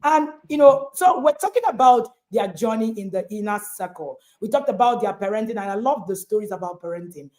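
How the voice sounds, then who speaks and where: A woman's voice: medium pitch, animated, brisk, few pauses, darkish tone. A woman hosting a panel chat, introducing guests with encouraging words. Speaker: host.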